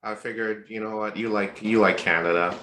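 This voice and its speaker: A man's voice: lowish voice, fairly even intonation, fairly quick, bright, forceful tone, a little hiss or hum. A man co-hosting a casual podcast, telling stories animatedly and swearing freely. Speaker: podcast co-host. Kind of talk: casual chat, storytelling. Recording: echoey room.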